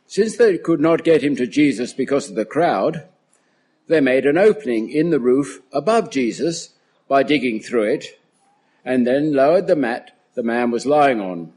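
A man reading a Bible passage aloud at a church service, careful and unhurried. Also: mid-range voice, lively intonation, darkish tone, slightly rough. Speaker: Bible reader.

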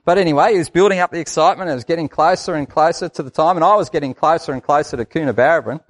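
A man's voice: a little high, racing. An Australian man preaching a sermon in a conversational, folksy way, repeating phrases for emphasis.

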